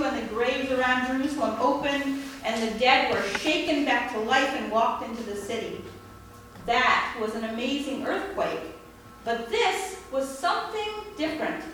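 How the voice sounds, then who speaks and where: A woman priest delivers a sermon in a measured, gently wry way. Her voice sits high, and it carries from some distance through a very echoey church, with a faint hiss behind it.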